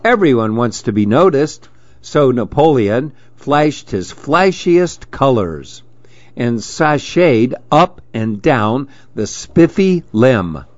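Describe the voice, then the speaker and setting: A man reading a children's storybook aloud, gentle and expressive. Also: medium pitch, takes it slowly, no echo, highs cut off.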